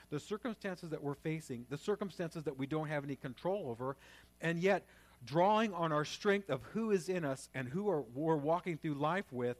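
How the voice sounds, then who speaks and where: A man preaching a sermon as pastor, talking conversationally and then rising into loud, fervent prayer. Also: on the high side.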